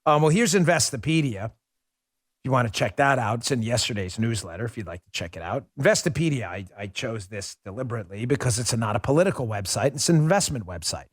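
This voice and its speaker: A man's voice: medium pitch, lively intonation, quick pace, dry recording, studio quality. A man hosting a political commentary show, delivering a sarcastic, mocking opinion monologue.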